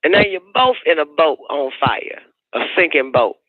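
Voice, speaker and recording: A man holds forth on a call-in radio show, preachy and profane, circling back to the same points again and again. His voice sits a bit high and swings widely in pitch. The sound is dry and squeezed into a narrow, phone-like band. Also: sing-song, moderate pace, no room sound.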